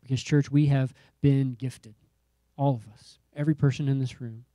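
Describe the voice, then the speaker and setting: A male pastor preaching with emphatic, repetitive rhetoric that builds in rising calls. His voice is mellow and warm, recorded close and dry with no room sound. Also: mid-range voice, fairly even intonation, moderate pace, dry recording. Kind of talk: sermon.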